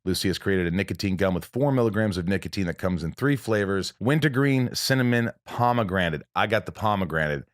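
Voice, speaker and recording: Animated man hosting a podcast. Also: deep voice, brisk, few pauses, no echo, studio quality. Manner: animated, jumps into loud impressions of movie lines. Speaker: podcast host. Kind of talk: casual chat.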